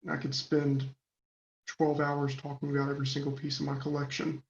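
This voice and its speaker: Gravelly man on an echoey phone line. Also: a little high, completely flat delivery, slight background noise. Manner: halting, lots of fillers and restarts, enthusiastic. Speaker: podcast guest. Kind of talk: casual interview chat. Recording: echoey dull phone call.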